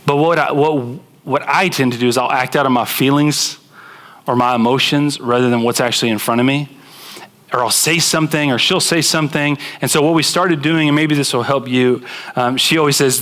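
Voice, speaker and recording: A young man preaching a conversational sermon to a church congregation, acting out quoted spouses in animated bursts. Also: on the high side, brisk. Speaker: pastor. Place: church sanctuary with live congregation.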